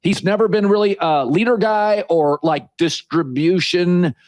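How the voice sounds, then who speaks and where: A man with a fairly high voice breaks down players' strengths in a measured, analytical way, now and then pausing on a filler word. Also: a little mellow. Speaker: guest commentator. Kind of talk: sports analysis.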